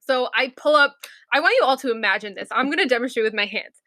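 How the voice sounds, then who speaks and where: A young woman tells a story on her podcast in a casual, lively way, slipping into quick acted-out quotes and laughing often. Her voice is bright and forward and sits a little high. The sound is dry and close. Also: dry recording. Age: young adult. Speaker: podcast co-host.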